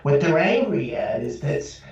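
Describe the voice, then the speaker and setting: A man's voice: on the high side, big pitch swings, a little slow, darkish tone. A man doing a mock-serious impression of a self-important male doctor who insists he is a scientist, in an echoey, distant, dull recording. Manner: insists on being serious, rambling explanations.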